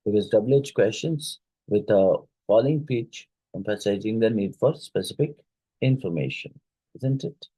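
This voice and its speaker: A male teacher works through an exam review lesson, reading each question aloud before reasoning out the answer. His voice is on the low side, warm and husky, delivered at a measured pace with an animated manner. The recording is dry but low in quality.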